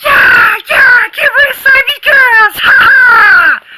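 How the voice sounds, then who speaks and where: A performer voicing an excitable, bossy six-year-old boy in a fan comic dub, shrill and shouty. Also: moderate pace, heavy background noise. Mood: gleeful shouting.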